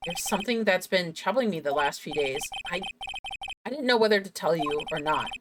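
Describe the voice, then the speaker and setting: A woman reading the lines of a troubled young male prosecutor in a halting, grave way. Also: on the low side, lively intonation, background noise, natural voice. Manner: halting, grave confession read aloud. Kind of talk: dubbing game dialogue live. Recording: game music playing behind.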